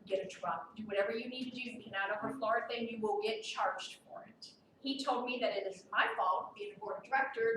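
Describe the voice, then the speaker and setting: A woman board member giving a firm, businesslike report at a meeting, pausing often on ums. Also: a little high. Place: meeting room. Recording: echoey room from far off, with noise.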